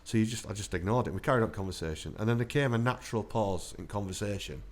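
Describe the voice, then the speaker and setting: Fast-talking veteran storyteller. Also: male voice, lowish voice. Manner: chatty anecdotal, laughs through stories. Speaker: army veteran guest. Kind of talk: casual storytelling interview.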